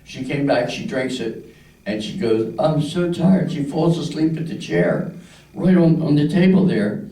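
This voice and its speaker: Speaking at medium pitch with a dark tone and measured pace, an older Philly comic performs a crude club set, giving his characters their own voices. The mic is far off in an echoey room, and the quality is rough.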